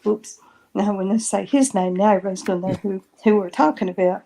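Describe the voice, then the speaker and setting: A woman guest on a podcast shares paranormal experiences, casually retelling each conversation line by line with many "I said" and "she says." Her mid-range voice is dark with vocal fry and a quick pace, over a little hiss or hum.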